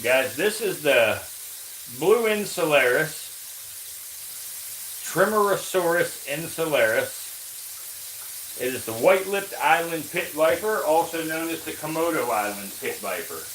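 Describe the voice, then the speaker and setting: A man hosting a live reptile stream, coaxing snakes in low murmurs and then explaining to viewers. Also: animated, unhurried, pauses often, a bit bright. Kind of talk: casual live-stream talk while feeding snakes. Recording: roomy echo, faint background noise.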